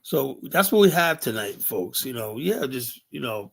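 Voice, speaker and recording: A middle-aged American man running a livestream. He rambles in a casual way, full of fillers, restarts and swearing. His voice sits at a medium pitch for a man. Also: very animated, normal speed, vocal fry. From United States. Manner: loose, rambling, heavy filler words and profanity. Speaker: livestream host.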